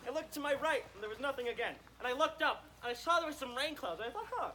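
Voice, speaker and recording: A man's voice: extremely high pitch, animated, fast, sharp tone. A man leading a campfire sing-along at a summer camp, joking and trading calls with the campers. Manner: joking, call-and-response. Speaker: camp song leader. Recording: noisy outdoor crowd recording. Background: crowd of campers.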